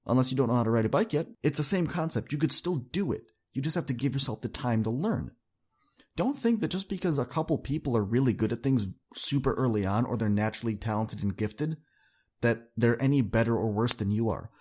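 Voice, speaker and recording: A man's voice: mid-range voice, expressive, fairly quick, a little mellow, husky. A young adult man hosting a podcast, delivering an earnest, upbeat motivational monologue that speaks straight to his listeners. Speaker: podcast host.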